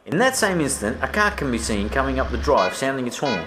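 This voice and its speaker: Lively male story narrator. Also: medium pitch, fairly quick, over music. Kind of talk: scripted narration. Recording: roomy echo, faint noise.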